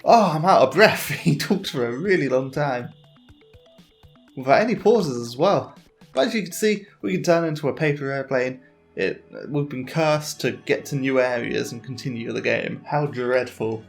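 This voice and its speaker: A man's voice: mid-range voice, moderate pace, gravelly, soft background music. A man giving casual, jokey gameplay commentary with laughing, rambling asides. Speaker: let's play host.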